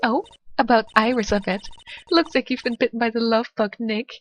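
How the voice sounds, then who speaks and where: A woman's voice: fairly high pitch, fairly even intonation, moderate pace, faint music behind, close to an everyday voice. A woman voicing a cheerful, teasing teenage girl who is a spirit medium, in a fan dub of a video game.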